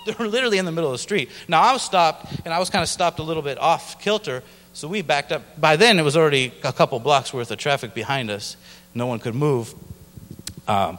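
In a large hall with long reverb, a male missionary gives his personal testimony conversationally, as a story, sometimes mimicking others' voices. His mid-range voice comes across a bit bright.

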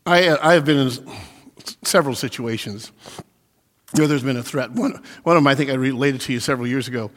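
A man preaching a sermon, animated, acting out little quoted voices as he goes. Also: medium pitch, a little fast, long reverb tail. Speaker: pastor.

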